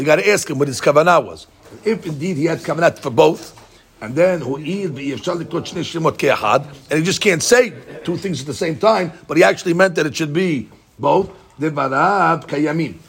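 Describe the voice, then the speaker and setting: A man teaching a casual Talmud study lesson. He reads the text off rapidly, then explains it in English, often stumbling and repeating words. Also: on the high side.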